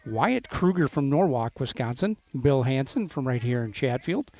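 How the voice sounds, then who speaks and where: A man announcing a live local event on a microphone, halting often with filler pauses as he reads names off a list. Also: mid-range voice, big pitch swings, darkish tone. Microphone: handheld microphone.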